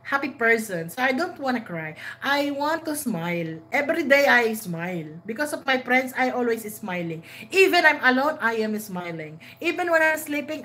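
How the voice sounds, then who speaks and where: Giggly, bright-voiced Filipino woman. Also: sits high. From Philippines. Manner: giggly, playful, switching between English and Tagalog. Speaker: live-stream host. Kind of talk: casual live-stream chat.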